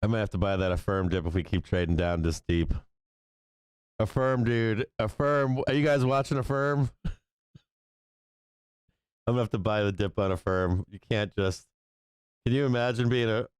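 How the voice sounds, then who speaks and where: A man's voice: on the low side, fairly even intonation, normal speed, pauses often, clean tone, dry recording. A man hosting a live stock market stream, swearing a lot and reacting with disbelief and frequent laughter. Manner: profane, incredulous, laughing often. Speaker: stock market livestream host.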